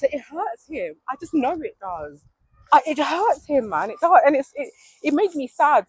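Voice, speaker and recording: A young adult woman, giving an emphatic, animated motivational vlog outdoors while out walking, laughing often. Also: on the high side, slightly rough, no echo, low-quality recording. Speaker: vlogger. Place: outdoors on a walk. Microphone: mic worn while walking.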